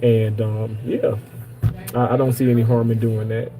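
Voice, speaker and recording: A man's voice: medium pitch, flat delivery, normal speed, warm tone, faint music behind, low-quality recording. A man, around his thirties, casually chatting to his viewers and telling a long personal story with emphatic repetitions. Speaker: streamer talking to viewers. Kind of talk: casual live chat.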